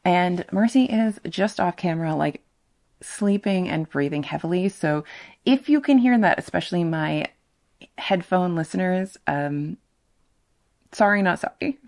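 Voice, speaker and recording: A woman booktuber chats casually to camera about her reading habits. Her voice sits a touch low and she talks with a self-mocking, emphatic energy, picked up close by a sensitive condenser mic at home. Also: lively intonation, unhurried, a little mellow. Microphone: ASMR-style condenser mic.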